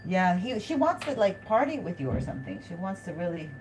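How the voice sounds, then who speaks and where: A woman hosting a live tarot reading, thinking aloud in a chatty, excitable way and talking straight to her viewers. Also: medium pitch, fairly quick, slight background noise. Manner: addresses viewers directly.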